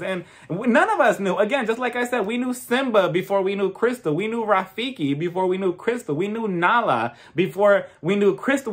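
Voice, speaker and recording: Sassy high-voiced man dishing gossip. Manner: sassy, gossipy, animated retelling. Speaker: reality TV reviewer. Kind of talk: casual commentary.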